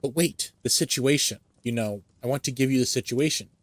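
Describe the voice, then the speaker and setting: A man voicing an old gentleman who exclaims heartily and in astonishment, in a dry recording. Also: medium pitch, a little fast, no echo, lightly acted. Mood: hearty. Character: older gentleman, eager and astonished.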